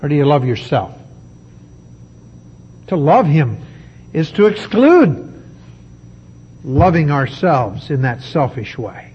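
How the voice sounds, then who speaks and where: A man preaching a sermon, emphatic and deliberate, with dramatic pauses. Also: a little high, very animated, breathy edge, highs cut off.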